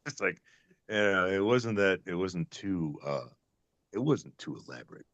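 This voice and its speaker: Very deep-voiced older man, rambling. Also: animated, moderate pace, a bit bright, no echo, highs cut off. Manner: rambling, many restarts and fillers, musing. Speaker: actor guest. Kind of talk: casual interview chat.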